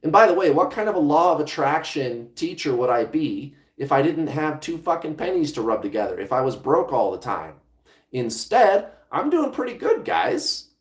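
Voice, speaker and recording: A man's voice: a little high, lively intonation, brisk, few pauses. A man talking as a law of attraction coach in a casual vlog monologue, conversational, restarting phrases and swearing now and then. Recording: echoey room.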